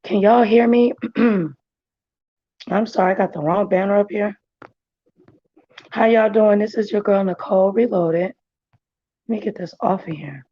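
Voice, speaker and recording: A woman hosts a casual stream with a hoarse, husky voice that has nearly given out. She talks slowly and greets her viewers by name between thoughts. The sound is dry and a little muffled. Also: mid-range voice, no echo. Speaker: livestream commentary host. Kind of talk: casual chat.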